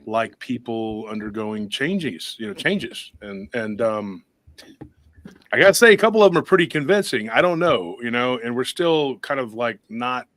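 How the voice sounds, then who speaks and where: A man's voice: mid-range voice, fairly bright tone, dry recording. A man hosting a paranormal talk show, telling a long story in a rambling, casual way with many restarts and acted-out quotes. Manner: rambling, restarts often, acts out quoted voices.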